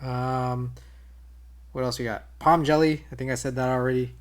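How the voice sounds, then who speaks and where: A man's voice: mid-range voice, flat delivery, normal speed. A man streaming live, chatting casually with viewers while typing on a keyboard he built. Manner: laid-back, talks to chat while typing.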